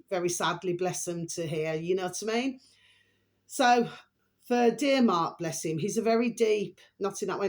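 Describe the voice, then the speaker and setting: A woman's voice: on the low side, a little mellow. A woman hosting her own vlog, talking in a rambling, chatty way, often breaking off to apologize and to repeat a fond pet phrase to her viewers. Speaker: channel host. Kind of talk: rambling casual vlog chat.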